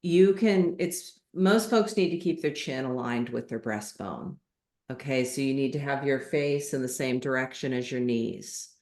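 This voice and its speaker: A woman yoga teacher giving calm, measured guidance in an online class. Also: extremely low pitch. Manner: calm, measured instruction with gentle reassurance. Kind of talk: guest instruction in a live online class. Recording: echoey room.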